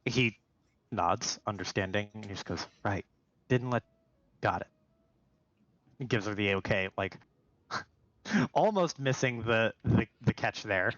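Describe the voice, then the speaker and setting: Guy player describing his character, lively voice, dull dry mic. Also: lowish voice, unhurried, no echo. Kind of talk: casual tabletop game chat.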